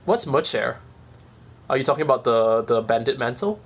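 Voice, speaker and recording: A man's voice: medium pitch, expressive, moderate pace. A man streaming a video game, rambling casually and chatting to viewers with self-deprecating asides. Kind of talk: casual gameplay commentary.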